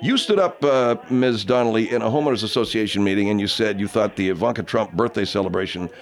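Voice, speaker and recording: A man hosting a comic talk radio segment, questioning guests with incredulous exclamations. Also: fairly low pitch. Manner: incredulous, probing, quick to exclaim.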